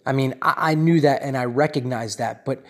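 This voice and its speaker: Addressing his audience, a man with a medium-pitched voice tells a personal story that turns into a lesson. He speaks fairly quickly in an animated, rambling way, often checking in with "right?" and "you know?"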